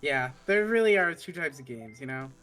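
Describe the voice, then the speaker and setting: A woman with a bright, forward voice, chatting through a co-op game stream. She is laid-back and pokes fun at herself. Faint music sits in the background. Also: very deep voice, lively intonation, normal speed. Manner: self-deprecating, laid-back. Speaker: co-host streamer. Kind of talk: casual gaming chat.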